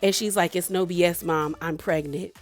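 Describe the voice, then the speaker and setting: A young woman giving a casual, animated recap of a reality show. She laughs often and acts out the lines she quotes. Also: fairly low pitch, normal speed, soft background music. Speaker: reality TV reviewer.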